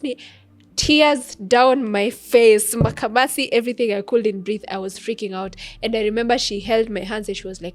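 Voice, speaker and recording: A young Kenyan woman co-hosting a podcast, telling an animated story and code-switching freely. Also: mid-range voice, brisk. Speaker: podcast co-host. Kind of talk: casual chat, storytelling.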